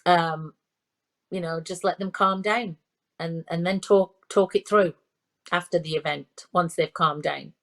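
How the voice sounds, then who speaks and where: Speaking unhurriedly in a lowish, fairly even voice, this fifties-aged parenting expert gives a conversational interview. Her answers loop back on themselves, packed with false starts and filler words.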